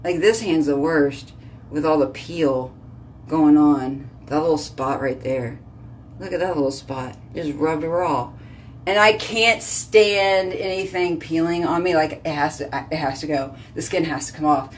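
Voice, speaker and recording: A woman's voice: sits low, a little slow, slight background noise. A woman, chatting casually in a vlog, sassy and joking as she rambles. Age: 30s. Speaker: vlogger.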